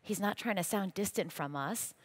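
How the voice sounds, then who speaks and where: A woman's voice: mid-range voice, normal speed, slightly rough. A woman speaking as a guest at a church event, telling her faith stories earnestly and acting out the voices of the people in them. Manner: earnest storytelling, acting out quoted dialogue. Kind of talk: faith testimony talk. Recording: long hall reverb.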